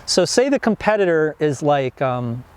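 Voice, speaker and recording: A man's voice: on the high side, very animated, normal speed, smooth. A young man teaching an online business course in a casual, rambling way, full of fillers and restarts. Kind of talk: casual instructional talk.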